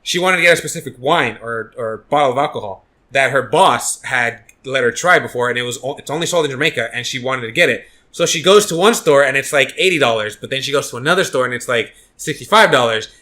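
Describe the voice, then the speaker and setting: A man's voice: medium pitch, expressive, fast talker, sharp tone. A man telling a story in casual podcast chat, rambling with many fillers and restarts. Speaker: podcast co-host.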